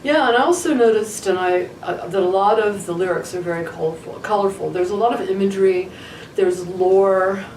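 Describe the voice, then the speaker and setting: A woman's voice: mid-range voice, moderate pace, a little mellow. Woman co-host, chatty and opinionated, teasing; echoey room, sits back from the mic, faint ambience. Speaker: podcast co-host. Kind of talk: casual chat. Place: studio. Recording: roomy studio, distant mic, faint ambient noise.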